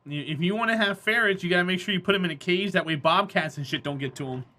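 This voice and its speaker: Blunt, bright-voiced woman streamer. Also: lowish voice, fast talker. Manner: blunt, opinionated, answering chat by name. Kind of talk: casual live-stream chat while gaming.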